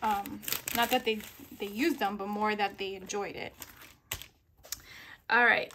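A woman in a casual craft haul video, reading sticker captions aloud slowly and giggling at the puns. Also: fairly high pitch, fairly bright tone, slight background noise. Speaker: papercraft vlogger.

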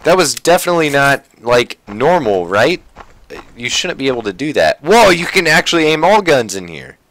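A man gives lively, excitable commentary over his own gameplay. His pitch leaps around as he jumps between loud exclamations and quiet muttering. Faint gunfire from the game sits under his voice. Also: moderate pace, slight background noise. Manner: animated, exclaiming and muttering to himself. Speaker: gaming channel host.

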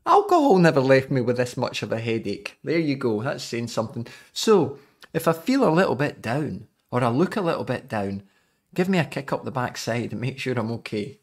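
A man's voice: mid-range voice, very animated, moderate pace. Scottish man, forties, cycling coach, chatty live podcast, joking with viewers. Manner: jokey and chatty.

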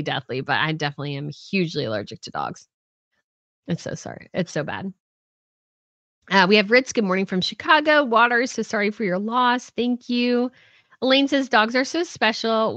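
A woman's voice: mid-range voice, fairly bright tone, no room sound, dull audio. A woman in her thirties hosting a casual livestream, chatting in a rambling way and reading viewer comments aloud. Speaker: host reading live chat.

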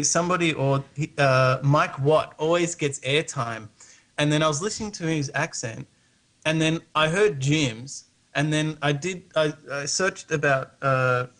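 A man's voice: a little high, a bit bright. A man from Australia with an Australian accent, calling in to a casual chat and asking questions with many hesitant restarts. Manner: hesitant, restarts often, curious. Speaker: guest calling in.

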